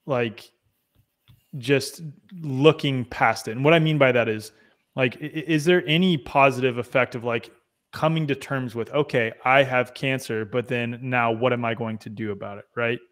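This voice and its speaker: A man hosting an interview, asking thoughtful questions with hesitant restarts. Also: medium pitch. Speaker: podcast host.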